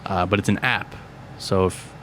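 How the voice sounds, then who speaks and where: A man's voice: low-pitched, fairly even intonation, moderate pace, fairly bright tone, a little hiss or hum. A man co-hosting a casual podcast, laid-back and swearing casually as he reads out beer names. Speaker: podcast co-host. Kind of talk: casual chat.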